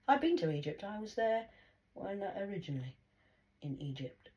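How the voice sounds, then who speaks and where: A woman in her forties giving a rambling, mocking monologue, swinging between loud outbursts and hushed whispers. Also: mid-range voice, sing-song, moderate pace, breathy edge, poor audio. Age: 40s. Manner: mocking, preachy tone.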